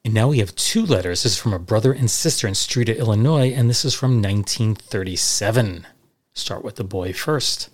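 A man's voice: fairly low pitch, lively intonation, brisk. A middle-aged man hosting a podcast, reading old letters aloud and adding chatty, dry, sarcastic asides. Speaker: podcast host.

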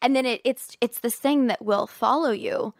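A woman's voice: fairly high pitch, normal speed, dry recording, clean studio sound. A woman who is a guest actor on a podcast, talking in casual chat and explaining her thoughts at length.

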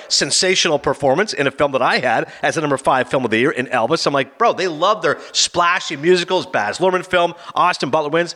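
A man's voice: fairly high pitch, sharp tone. A man riffing in casual, opinionated chat about award winners, acting out quotes in funny voices. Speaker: film commentator.

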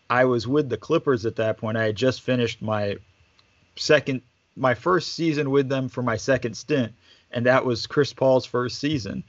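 A man telling stories as a guest in casual chat, relaxed and full of fillers. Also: mid-range voice, no echo, highs cut off. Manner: relaxed, chatty, lots of fillers. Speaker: basketball staff guest. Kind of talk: casual storytelling.

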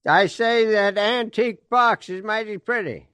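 A man's voice: high-pitched, measured pace, sharp tone, clear, resonant tone, no echo, voice pushed up. An actor playing a detective disguised as a senile old man, speaking in a quavering, folksy voice in a radio drama. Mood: folksy, nosy. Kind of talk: 1940s radio acting.

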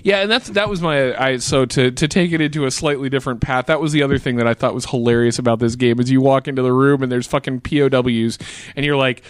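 A young man in casual chat, excitable and swearing, acting out scenes as he talks. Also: mid-range voice, fast, clear, resonant tone, dry recording. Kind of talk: casual chat about a video game.

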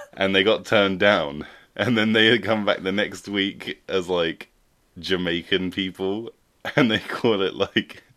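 Brief: low-pitched guy, giggly casual podcast banter. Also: takes it slowly. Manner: laughs often, chatty and animated. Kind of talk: casual chat.

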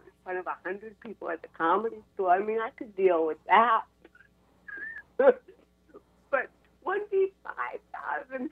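An American actress and comedian in her sixties tells stories as a guest in a radio interview, speaking over a tinny, dry telephone line. Her mid-range voice is animated, and she laughs between sentences.

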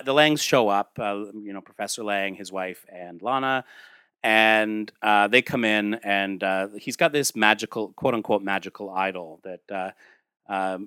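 A man's voice: fairly low pitch, bright, forceful tone, clear, resonant tone, dry recording. Casual male storyteller, meandering and chatty, dry close recording. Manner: rambling, chatty, with fillers and asides. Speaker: storyteller reading a comic aloud.

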